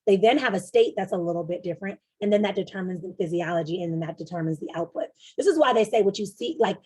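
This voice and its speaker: A young adult woman coach walks her listeners through ideas in a loose, conversational way, full of fillers and quick acted-out inner voices. Her voice sits at a middle pitch with a husky edge. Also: animated, mellow. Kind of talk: teaching presentation.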